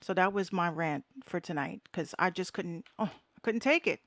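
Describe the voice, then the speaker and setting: A woman's voice: lowish voice, normal speed, fairly bright tone, no room sound, clean studio sound. A woman with a Bronx accent hosting a live podcast, ranting bluntly and swearing freely from home. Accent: New York, Bronx. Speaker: host. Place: home room with air conditioner running.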